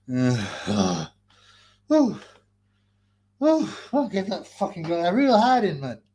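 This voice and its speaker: A man's voice: high-pitched, huge pitch swings, extremely slow, pauses often, darkish tone, a little hiss or hum. A man hosting a livestream, wearing a mask in a hot basement, ranting crudely and mocking people between laughs. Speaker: livestream host. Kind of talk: profane ranting livestream commentary.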